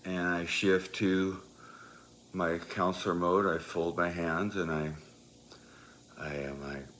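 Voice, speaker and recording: A man telling a personal story in a loose, animated way, moving from quiet asides to loud, emphatic bursts. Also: deep voice, slow, a little hiss or hum. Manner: loose, with many fillers and restarts.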